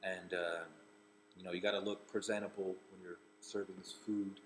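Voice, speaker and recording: A low-voiced man from Rhode Island, a comedian and actor, tells a personal story in a loose, casual way. He rambles, circling back and restarting phrases as he goes, with a faint hiss of noise behind him. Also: little pitch movement, normal speed, rough recording.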